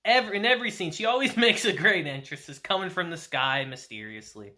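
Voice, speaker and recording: A man's voice: high-pitched, animated, fairly quick, pushed and bright. A young man casually recapping and reviewing an anime episode, chatty and laughing often.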